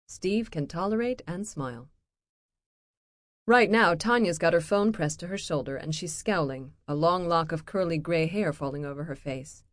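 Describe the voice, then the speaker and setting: A woman narrating an audiobook in a steady, measured read, recorded close in a studio booth. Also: fairly low pitch, dry recording.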